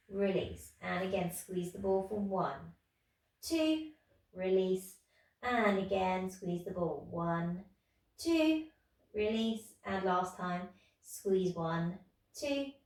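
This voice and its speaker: Slow, calm woman counting reps. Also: on the low side. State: tired, yawning. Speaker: pilates instructor. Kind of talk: guided exercise class. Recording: echoey room from far off.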